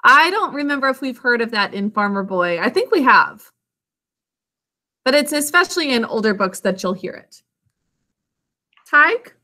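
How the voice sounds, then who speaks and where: A woman's voice: on the high side, very animated, moderate pace, pauses often, pushed and bright. A woman teaching a spelling lesson to children, patiently sounding words out syllable by syllable over a video call.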